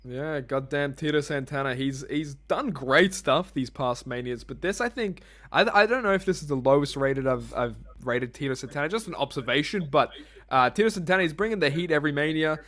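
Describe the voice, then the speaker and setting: A man's voice: fairly high pitch, fairly quick, a bit bright. A man co-hosting a casual podcast, rambling and swearing freely as he laughs at himself. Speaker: podcast co-host. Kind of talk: casual chat.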